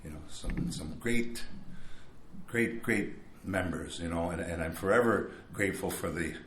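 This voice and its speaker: A man's voice: low-pitched, measured pace, fairly bright tone, slight background noise. An older man sharing his recovery story at a meeting in a rambling, casual way, with wry asides. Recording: echoey room, faint background.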